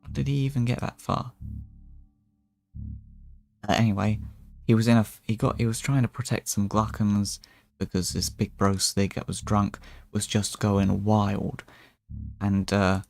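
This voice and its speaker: A man's voice: fairly low pitch, flat delivery, unhurried, gravelly, long pauses, a little mellow, dry recording, faint music behind. A man streaming as a VTuber, giving casual in-character gameplay commentary and rambling with frequent stumbling restarts.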